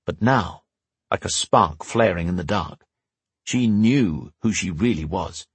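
A man narrating a fantasy audiobook in a measured storytelling manner, slowing for dramatic moments. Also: deep voice, expressive, breathy edge, no echo.

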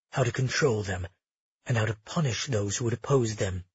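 A man narrating a fantasy audiobook in a measured, even storytelling manner with a husky voice. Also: lowish voice, lo-fi sound.

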